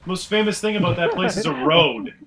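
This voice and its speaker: A man's voice: sits high, animated, brisk, crowd noise, poor audio. A man with a Canadian accent, chatting and rambling casually during a co-op game session over a headset. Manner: chatty and rambling, laughs easily. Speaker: gaming commentator. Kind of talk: casual co-op chat over gameplay.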